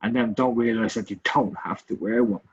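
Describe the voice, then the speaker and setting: A man's voice: medium pitch, big pitch swings, a little fast, vocal fry, lo-fi sound. An Irish man co-hosting a casual podcast, ranting with plenty of swearing and repeating words as he goes. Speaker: podcast co-host. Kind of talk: casual chat.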